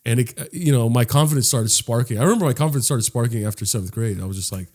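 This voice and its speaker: A man's voice: medium pitch, fast talker. A young man co-hosting a podcast, telling a funny childhood story in casual talk and acting out the people in it. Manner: animated, acts out voices in his stories. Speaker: podcast co-host.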